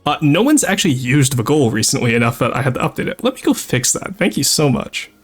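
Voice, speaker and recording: A man's voice: medium pitch, sing-song, fast, slightly rough. A French Canadian man streaming a strategy game, rambling and chatty, swearing freely and laughing often. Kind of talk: casual live-stream chat with game commentary.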